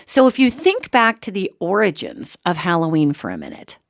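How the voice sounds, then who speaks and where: A woman host telling an animated story in a casual, expressive way, acting out quotes. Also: lowish voice, moderate pace, gravelly, dry recording, clean studio sound. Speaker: radio show host.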